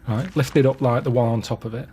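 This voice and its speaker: Man, casual podcast chat, deadpan storyteller, ordinary mid voice. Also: medium pitch, brisk, husky. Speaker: podcast regular.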